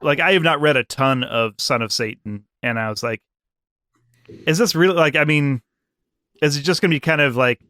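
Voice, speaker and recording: A man's voice: fairly high pitch, normal speed, long pauses, pushed and bright, no echo, clean studio sound. A man guesting on a comics podcast who chats in a wry, easygoing way. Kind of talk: casual comics discussion.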